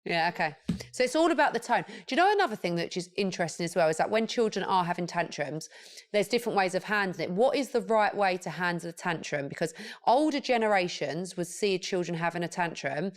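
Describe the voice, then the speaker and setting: A woman's voice: fairly low pitch, animated. A woman hosting a podcast, chatting frankly and asking parenting questions. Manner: chatty, frank, quick to laugh. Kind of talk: casual podcast chat.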